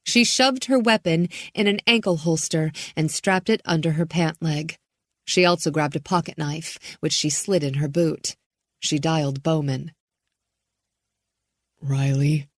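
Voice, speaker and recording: A woman narrating an audiobook thriller in a measured, calm way. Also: sits low, no echo, clean studio sound. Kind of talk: scripted narration.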